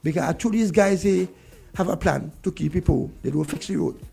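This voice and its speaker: A radio guest from Saint Vincent, speaking with a Vincentian accent, rants heatedly about politics and keeps repeating his points. His voice sits on the high side and moves a little fast, creaky and husky but warm in tone. Soft background music plays behind him.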